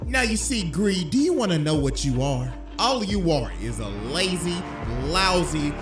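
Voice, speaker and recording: Man doing a menacing old commander, folksy drawl, calls everyone boy, ruthless, lively swinging pitch, roomy echo, music behind. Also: measured pace. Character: ruthless old male military leader, cocky and menacing.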